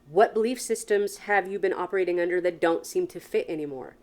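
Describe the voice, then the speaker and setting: Earnest woman, lowish voice, reflective monologue. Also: fairly quick, a little mellow. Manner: earnest, questioning, speaks frankly with casual swearing. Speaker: podcast host. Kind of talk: reflective solo podcast monologue.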